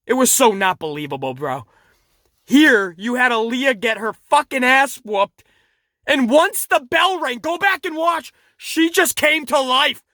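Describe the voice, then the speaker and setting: A man rants through a wrestling recap, swearing and laughing as he goes. His voice has a bright, forward edge. The sound is dry and close. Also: very high voice, a little slow, dry recording. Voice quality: animated, swearing, laughs at his own jokes. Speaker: wrestling show reviewer. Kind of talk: casual profane commentary.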